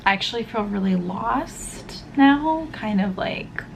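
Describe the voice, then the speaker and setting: A woman talks straight to her camera in a loose, rambling way, full of fillers and restarts. She sounds tearful and worn out after a stressful exam, her voice sitting at an ordinary middle pitch. A faint hiss of noise runs underneath. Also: expressive, takes it slowly, vocal fry. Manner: rambling, emotional, with many fillers. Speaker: vlogger. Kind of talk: casual talk to camera.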